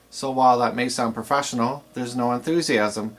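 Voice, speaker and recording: This man's voice is mid-range with a moderate pace and hardly any pauses. Teaching would-be DJs in a video, the instructor keeps his explanations straightforward, with occasional fillers.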